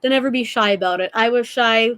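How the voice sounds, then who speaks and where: Young woman guest, earnest and emotional, slightly high voice, dry close sound. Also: fast, a bit bright, clean tone, dry recording. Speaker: podcast guest. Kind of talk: casual conversation.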